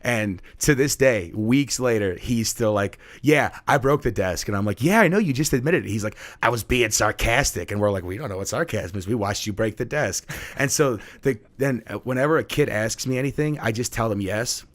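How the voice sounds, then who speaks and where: A young man with a fairly low voice, chatting casually as a guest. He tells stories about his classroom and acts out what his students said. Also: brisk, few pauses. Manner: animated storyteller who acts out students in high voices. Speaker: middle school teacher, guest. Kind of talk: casual storytelling chat.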